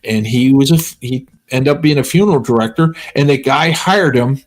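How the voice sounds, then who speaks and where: Casting: husky-voiced man, casual storyteller, mid pitch, rambling delivery. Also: moderate pace. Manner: rambling anecdotes with laughs and acted-out quotes. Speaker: streamer.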